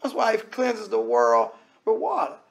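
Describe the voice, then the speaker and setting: A man's voice: extremely high pitch, big pitch swings, normal speed, vocal fry. A man preaching a sermon in a conversational way, often acting out the voices of the people he quotes.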